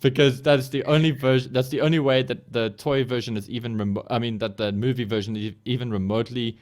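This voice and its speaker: A South African man co-hosting a casual podcast, eager and quick to laugh. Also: medium pitch, steady tone, a little mellow. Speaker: podcast co-host. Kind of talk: casual chat.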